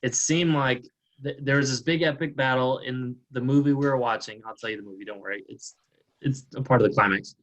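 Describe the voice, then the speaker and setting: A man of middle pitch, chatting on a video call. He tells a silly story in a laid-back, playful way. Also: a little fast, a bit bright, highs cut off. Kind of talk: casual chat on a video call.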